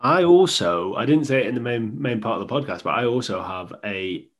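Man, low voice, podcast co-host, easygoing, chatty football talk. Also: animated, brisk. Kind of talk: casual football podcast chat.

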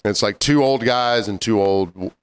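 Smooth-voiced man in casual chat. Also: lowish voice, normal speed. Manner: laid-back, chiming in with short agreements. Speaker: podcast co-host.

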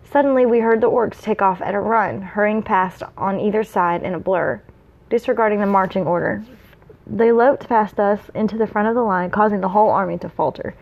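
A woman's voice: medium pitch, darkish tone, dull audio. A woman reading fan fiction aloud, with small slips and asides. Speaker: reader.

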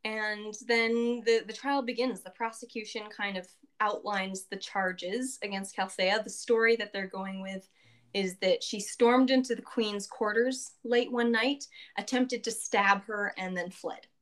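A woman casually recapping a tabletop game session, chatty and quick to laugh, acting out quotes in a lifted voice. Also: a bit bright. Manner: chatty, laughs often, acts out quotes in a higher voice.

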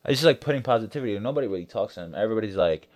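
A young man in casual chat, telling a story and acting out the people in it with lively quoted voices. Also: on the low side, racing, dry recording. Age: young adult. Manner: storytelling, animated when quoting others.

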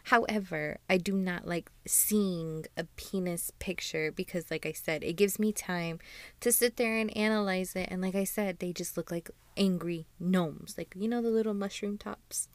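A woman's voice: lowish voice, moderate pace, no echo. A young woman co-hosting a podcast in casual chat. She talks bluntly and frankly and swears freely. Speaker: podcast co-host.

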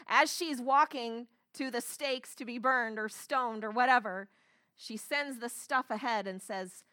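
A woman's voice: a little high, lively intonation, unhurried, long pauses, bright, forceful tone, no echo, clean studio sound. A woman pastor preaching a sermon, telling the story dramatically and acting out the quotes.

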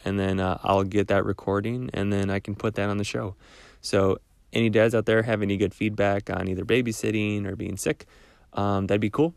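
A young man with a cold, hosting a casual solo podcast in a rambling, relaxed way with small laughs. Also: fairly low pitch, gravelly, smooth, no echo. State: stuffed-up cold voice. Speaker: podcast host.

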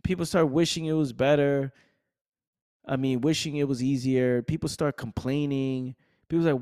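A man's voice: medium pitch, normal speed, dark tone, clean tone, no echo, clean studio sound. A man hosting a podcast, giving a passionate motivational monologue full of slang and repetition. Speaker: podcast host.

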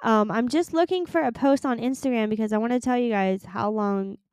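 A woman's voice: fairly high pitch, brisk, darkish tone, smooth, dry recording, studio quality. A young woman hosting a solo podcast, chatting in a gushing, rambling way and swearing casually. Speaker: podcast host.

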